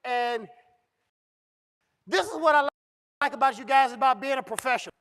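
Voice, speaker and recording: A man with a strikingly high voice tells a comic story to a live audience. He is middle-aged and animated, jumping into the voices of the people he quotes. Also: moderate pace. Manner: animated, acts out dialogue. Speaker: comedian. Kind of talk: comedic storytelling. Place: event stage.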